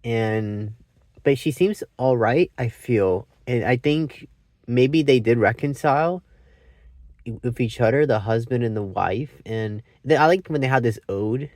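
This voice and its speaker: A man's voice: medium pitch, unhurried, a little mellow, no room sound, clean studio sound. A man giving a casual, meandering movie review, often restarting his sentences and swearing freely. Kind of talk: casual rambling film review.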